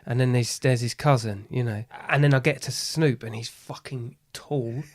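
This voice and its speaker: A man telling casual anecdotes as a podcast guest, lively and swearing freely with frequent laughs. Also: mid-range voice, normal speed. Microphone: podcast studio mic.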